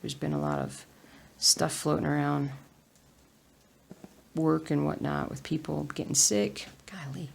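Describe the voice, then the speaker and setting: A woman chatting casually at home while she stitches, soft-spoken and often half-whispering her asides. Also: low-pitched, unhurried, gravelly. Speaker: cross-stitch vlogger. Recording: steady background noise.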